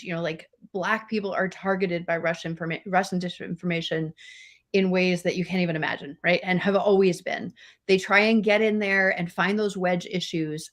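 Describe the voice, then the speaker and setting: A woman co-hosting a podcast, talking in an earnest, emphatic way with frequent fillers. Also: mid-range voice. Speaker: podcast co-host. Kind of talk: casual discussion.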